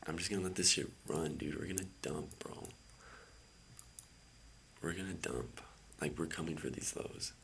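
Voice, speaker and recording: A man's voice: rumbling low, normal speed, vocal fry, a bit bright, slight background noise. A man muttering his way through a live trading session, frustrated, swearing and often half-whispering. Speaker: trader streaming his own trading session.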